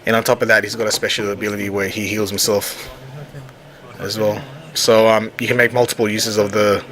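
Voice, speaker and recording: With a fairly low, slightly bright voice, this man talks fairly quickly in a flat delivery. He casually explains his tabletop wargame while playing, recording a battle report, often breaking off and restarting phrases amid background crowd chatter.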